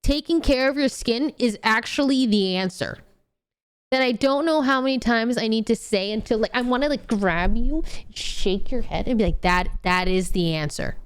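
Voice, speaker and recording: A woman's voice: fairly high pitch, moderate pace, smooth. A young woman streamer in casual chat with viewers, blunt and playful, swearing often while scolding.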